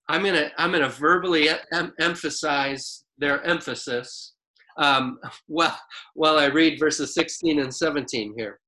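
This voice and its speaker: A man preaching a sermon in a relaxed, conversational way, reading scripture slowly and deliberately. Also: a little high, low-quality recording. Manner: unhurried, conversational preaching with a few restarts. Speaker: pastor.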